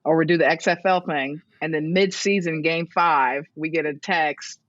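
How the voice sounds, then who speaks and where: A woman's voice: sits low, normal speed, no echo. A woman in her thirties, a strength coach telling stories in a casual interview, acting out other people's lines with laughter. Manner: lively, acts out others' words in a raised voice, laughs often. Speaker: strength and conditioning coach, guest. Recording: dull, dry lo-fi audio.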